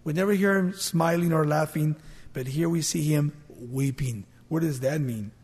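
Man preaching, high voice, animated storytelling delivery, long hall echo. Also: normal speed, slightly rough. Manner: animated, acts out the people in the scripture story with laughs. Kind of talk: sermon.

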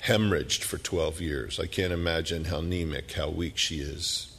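A middle-aged man preaching a sermon, telling the story dramatically and dropping at times to hushed whispers. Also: very deep voice, steady tone, moderate pace, husky, long reverb tail.

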